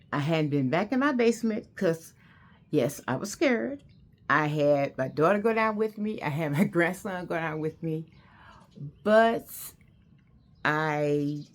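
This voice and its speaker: An older woman tells a personal story, slow and unhurried, in a low-pitched voice. She rambles and repeats herself, earnest throughout.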